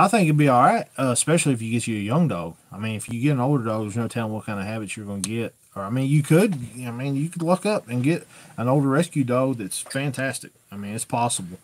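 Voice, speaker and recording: A man chats through viewer questions on a live stream. His delivery is folksy and plainspoken, rambling from point to point. His voice sits at an ordinary middle pitch for a man. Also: fast talker. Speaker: host answering viewer questions.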